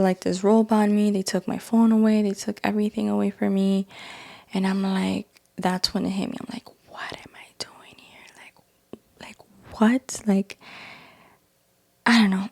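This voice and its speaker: A young woman shares her own story in a casual, halting way, full of fillers and restarts. Her voice sits at a middle pitch with a warm, mellow, unforced tone. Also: gravelly. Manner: hesitant, many fillers and restarts, soft-spoken. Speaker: podcast host sharing her testimony. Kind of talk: personal testimony, casual storytelling.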